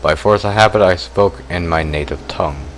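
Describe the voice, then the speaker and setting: A man playing through a visual novel, reading its text aloud in a slow, subdued, deliberate way. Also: low-pitched, fairly bright tone, a little hiss or hum. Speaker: let's play gamer. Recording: game music playing behind.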